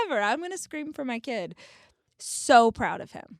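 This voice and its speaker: A woman in her forties hosting a podcast, telling stories in an animated, expressive, casual way. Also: medium pitch, normal speed, no room sound, clean studio sound. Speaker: podcast host. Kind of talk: casual chat.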